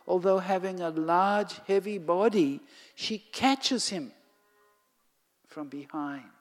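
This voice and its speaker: A storyteller narrates a devotional tale at an unhurried pace, sometimes dropping to a whisper. The voice trails into a long hall reverb with faint music beneath it. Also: mid-range voice. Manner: slow and expressive, sinking to a whisper at times.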